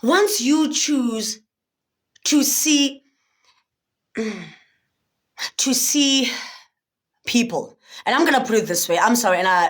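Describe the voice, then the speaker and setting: Brief: young woman, spiritual motivational speaker live with her viewers, high, lively voice, preachy and chatty. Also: takes it slowly, pauses often. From South Africa. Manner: animated, preachy, often asks if listeners understand. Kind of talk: livestream talk with viewers.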